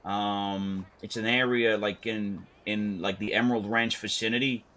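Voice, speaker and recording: Animated cursing man telling a story. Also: on the low side, a little slow. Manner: animated, profane storyteller who acts out quotes. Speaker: roleplay game player. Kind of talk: casual in-character storytelling.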